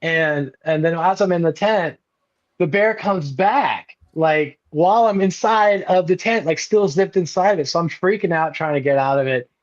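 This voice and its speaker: A man's voice: moderate pace, lo-fi sound. A man telling a camping story in casual chat, acting out the people he quotes. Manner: animated, acts out quotes with big pitch jumps. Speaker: podcast guest.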